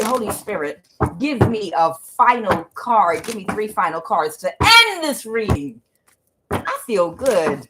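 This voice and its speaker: A woman doing a tarot reading for her channel viewers, talking casually, swearing now and then and swinging between low mutters and loud excited bursts. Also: slow, background noise. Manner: swears casually, addresses viewers as guys and y'all. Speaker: tarot reader.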